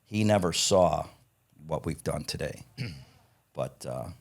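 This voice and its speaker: A man's voice: extremely low pitch, animated, takes it slowly, creaky. A man in his fifties, a podcast guest telling stories from his working life in a blunt, profane way, acting out quoted dialogue and chuckling between lines. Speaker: podcast guest, parts company founder. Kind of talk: casual anecdotal storytelling.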